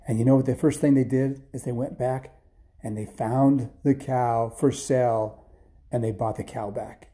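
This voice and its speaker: A man reading a bedtime story aloud, animated and dropping to whispers for suspense. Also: medium pitch.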